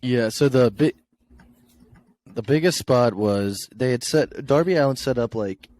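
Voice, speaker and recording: A man's voice: mid-range voice, unhurried, a little mellow, no room sound. A young man co-hosting a podcast, casually recapping wrestling shows with lots of fillers and chuckles. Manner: rambling recap with many fillers and laughs.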